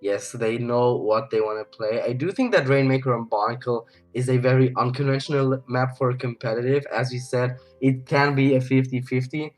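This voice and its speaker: A man's voice: medium pitch, poor audio. A man doing color commentary on a competitive video game match, explaining the players and their strategy. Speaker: co-caster.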